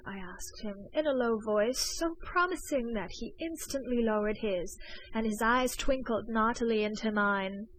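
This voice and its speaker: A woman reads a classic novel aloud as an audiobook narrator. Her voice sits somewhat high, and her telling is even and measured. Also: slight background noise, rough recording. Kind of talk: scripted narration.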